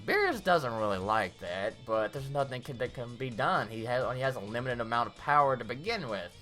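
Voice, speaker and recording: A woman's voice: extremely low pitch, soft background music. A woman giving a casual, rambling review of a cartoon episode, recapping scenes in a chatty way. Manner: rambling, animated recap with quick acted-out quotes.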